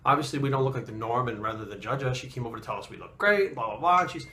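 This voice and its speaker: A man's voice: medium pitch, animated, very fast, sharp tone. A man telling a story in casual talk, blunt and profane, getting heated as he goes. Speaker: fitness coach and bodybuilder.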